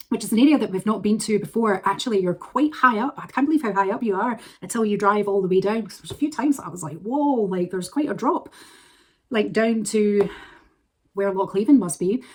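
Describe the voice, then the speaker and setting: A middle-aged woman talks straight to her camera in a relaxed vlog. She gushes and rambles, piling up fillers and false starts as she goes. Her voice sits at an ordinary middle pitch. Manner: chatty, gushing, many fillers and restarts. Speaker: vlogger. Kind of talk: casual chat to camera.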